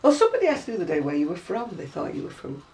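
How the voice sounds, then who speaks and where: A woman's voice: on the low side, huge pitch swings, rapid-fire, darkish tone. An older woman with a Lancashire accent, chatting at home as host and laughing through her stories. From Oldham area, northwest England. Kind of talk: casual chat. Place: living room at home, indoors. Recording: distant camera mic in a room.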